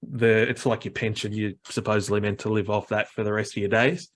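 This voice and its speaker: A man's voice: fairly low pitch, little pitch movement, brisk. An Australian man chatting casually, rambling with lots of fillers as he explains things. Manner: rambling, many fillers, mimics other accents. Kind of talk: casual chat.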